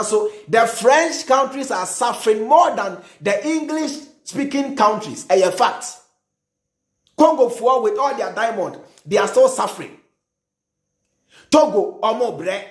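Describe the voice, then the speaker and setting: A Ghanaian man, a prophet, giving fiery, emphatic commentary and mixing English with Twi, repeating his points for stress. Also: very high voice. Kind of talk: impassioned commentary. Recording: roomy echo.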